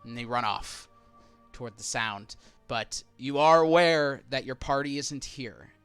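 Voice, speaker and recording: A man's voice: medium pitch, measured pace, a bit bright, smooth, no room sound, faint music behind. A man narrating as game master of a tabletop game, descriptive, sometimes correcting himself mid-sentence.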